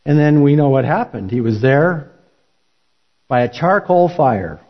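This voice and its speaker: Brief: male preacher, relaxed storyteller, slightly high voice, muffled lo-fi sermon recording. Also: a little slow. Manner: folksy, conversational storytelling. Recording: dull lo-fi recording.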